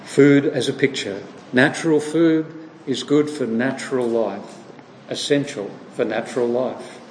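A man preaching in a slow, measured cadence, putting questions to his listeners and then answering them. His voice rings through a roomy church hall with a long reverb tail and a faint hiss underneath. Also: medium pitch, darkish tone. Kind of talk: sermon.

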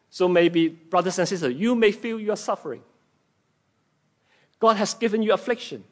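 A man preaching a sermon to his congregation, slow and emphatic, acting out scripture quotes in dramatic voices. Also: high-pitched.

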